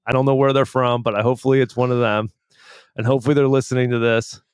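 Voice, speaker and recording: A man co-hosting a casual podcast, animated as he tells a story and quick to break into laughter. His voice sits at an ordinary middle pitch. It is recorded close and dry, with no room sound. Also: clear, resonant tone, dry recording. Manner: laughs often, animated storytelling with acted-out quotes. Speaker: podcast co-host. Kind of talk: casual chat.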